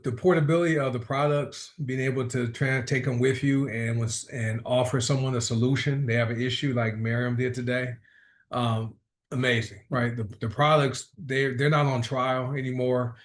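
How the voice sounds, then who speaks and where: Male call host, mid pitch, casual and rambling, restarts a lot, video-call mic. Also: level tone, moderate pace, a little hiss or hum. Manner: rambling, repeats words, upbeat. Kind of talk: casual group call chat.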